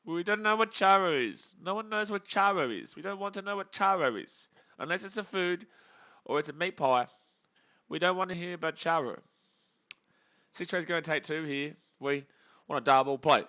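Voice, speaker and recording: A young Australian man hosting a live baseball reaction stream, joking with chat and calling pitches, swinging from muttering to shouting. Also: moderate pace, pauses often, highs cut off. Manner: excitable, jokey, swings between muttering and shouting.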